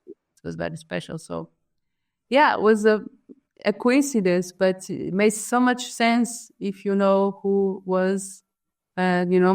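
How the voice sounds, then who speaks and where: A Portuguese-accented woman, a guest artist whose first language is Portuguese, tells a personal story in an interview, pausing often, restarting and searching for English words. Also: lowish voice, creaky. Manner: hesitant, many fillers and restarts, searching for words.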